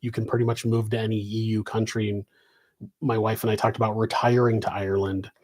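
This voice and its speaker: A man's voice: on the low side, flat delivery, a little fast, darkish tone. Rambling middle-aged man, casual host. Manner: loose and meandering, many restarts. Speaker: host answering viewer questions. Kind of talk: rambling live Q&A chat. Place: home office.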